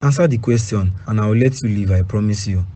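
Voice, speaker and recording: A man with a Nigerian accent voicing a violent, jealous boyfriend in a cartoon drama, with a husky voice. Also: on the low side, fast talker, dark tone, natural voice. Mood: menacing.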